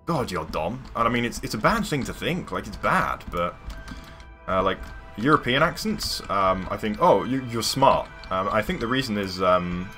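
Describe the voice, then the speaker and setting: A man's voice: fairly low pitch, very animated, moderate pace, bright, forceful tone, soft background music. A man live-streaming a building game, chatty and rambling, with playful sound-effect interjections. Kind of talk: casual live game commentary.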